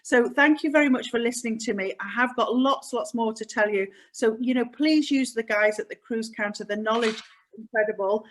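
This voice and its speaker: Woman, a bit high-pitched, cruise sales presenter, relaxed, fills with ums. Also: brisk, rough recording. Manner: friendly, frequent "um" fillers. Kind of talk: virtual event sales presentation. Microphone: video call.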